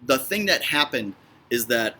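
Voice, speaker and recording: A man's voice: mid-range voice, lively intonation, unhurried, bright, forceful tone, breathy edge. A man with a Chicago accent, a guest on a casual whiskey review, talking in an enthusiastic, chatty way. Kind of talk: casual tasting review chat.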